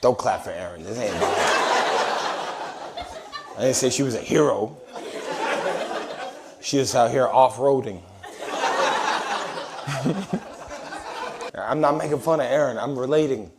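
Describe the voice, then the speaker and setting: A man doing stand-up crowd work on a comedy club stage, brash, swinging from shouts to mumbled asides. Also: mid-range voice, takes it slowly, long pauses, heavy background noise.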